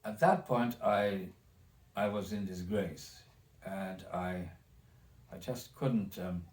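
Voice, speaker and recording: A man's voice: deep voice, slow pace, a little mellow, far from the mic. Rambling elderly man with a German accent. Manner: rambling, with many restarts and repeated words. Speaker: interviewee telling his life story. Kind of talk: recorded oral history interview. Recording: echoey room, off mic.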